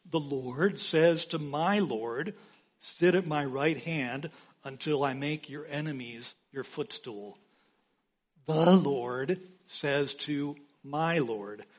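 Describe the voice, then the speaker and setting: A man preaching a sermon as pastor, slow and emphatic, repeating key phrases for weight. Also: fairly high pitch.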